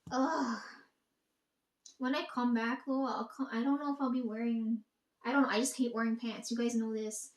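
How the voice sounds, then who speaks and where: A woman's voice: a little high, steady tone, normal speed, echoey room. A young woman rambling to her audience in a casual monologue, swearing often and talking emphatically.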